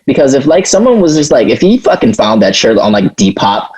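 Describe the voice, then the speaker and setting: A man co-hosting a podcast in casual chat, rambling and halting, restarting his sentences often. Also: medium pitch, big pitch swings, darkish tone, breathy edge, poor audio. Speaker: podcast co-host.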